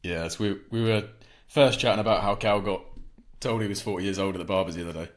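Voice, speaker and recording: A man's voice: lowish voice, fast. A man co-hosting a casual podcast, telling stories in an easygoing way over a video call. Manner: storytelling, easygoing, laughing. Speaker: podcast co-host, coach. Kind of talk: casual chat.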